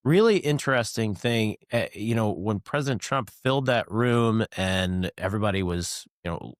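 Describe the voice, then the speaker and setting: A man hosting a podcast, chatting in a relaxed way with chuckles and frequent fillers. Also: on the low side, normal speed, no echo, studio quality. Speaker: podcast host. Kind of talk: casual podcast discussion.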